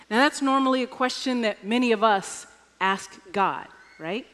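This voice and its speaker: A woman's voice: on the high side, lively intonation, moderate pace, fairly bright tone, slight background noise. Woman preaching in an echoey hall. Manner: personal storytelling with wry humor. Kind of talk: sermon.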